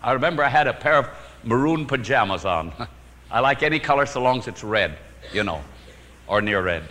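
A man preaching a sermon, telling his own story with sudden swings from emphatic to hushed and chuckling at his own jokes. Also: mid-range voice, lively intonation, moderate pace, in a large hall, poor audio.

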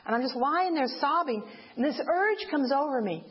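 High-voiced woman telling an earnest testimony. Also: expressive, moderate pace. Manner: earnest storytelling, rising pitch when reliving her cries. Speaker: widow giving a testimony. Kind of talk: personal faith testimony. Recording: dull lo-fi recording.

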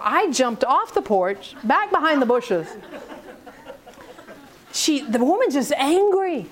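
A woman speaking on prayer ministry, telling a story in an animated way and acting out the voices of the people in it. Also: high-pitched, takes it slowly. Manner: animated, acts out quoted voices. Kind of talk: storytelling talk.

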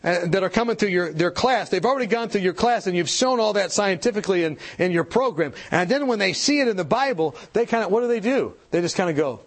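A man giving an animated church seminar talk, telling stories, acting out the people in them and asking the audience questions. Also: high voice, quick pace, few pauses. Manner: animated storytelling, acts out quoted people. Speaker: health speaker.

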